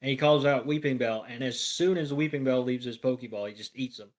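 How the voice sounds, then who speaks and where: A man's voice: mid-range voice, quick pace. A man co-hosting a podcast, rambling through a story in casual chat, full of fillers. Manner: rambling, full of "you know" and "um". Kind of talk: casual chat retelling an episode.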